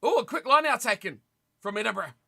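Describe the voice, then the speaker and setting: A young man streaming a rugby watch party, commentating on the play and chatting casually with his viewers, with sudden loud reactions. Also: high-pitched, very animated, fairly quick, gravelly, husky. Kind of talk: casual live commentary and chat.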